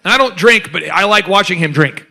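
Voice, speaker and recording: An animated man running a business workshop in front of a live audience. His voice sits high for a man, and he keeps throwing questions at the crowd and cracking jokes. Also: a little fast, vocal fry. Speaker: host. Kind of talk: energetic business workshop talk.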